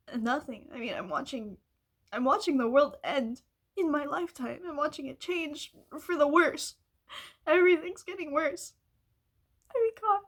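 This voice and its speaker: A woman, venting in a rambling, frustrated monologue full of swearing. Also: high-pitched. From United States. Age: early 20s. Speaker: vlogger.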